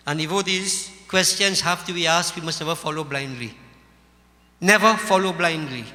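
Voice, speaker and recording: A man's voice: high voice, sharp tone. A man with a Caribbean English accent giving a sermon, telling a folksy story and speaking to his listeners as devotees. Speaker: Hindu religious teacher. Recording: long hall reverb.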